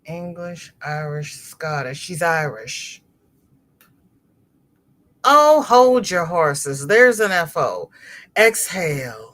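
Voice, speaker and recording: Hosting a crochet livestream, this middle-aged woman talks casually with her audience and reads comments aloud, lively and chatty with abrupt exclamations. She speaks in a low voice, very slowly, leaving long pauses.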